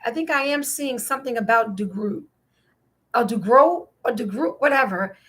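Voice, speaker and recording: A woman's voice: a little high, fairly bright tone. A woman from New Jersey hosting a casual opinion talk show, rambling and incredulous as she questions the news. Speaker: podcast host.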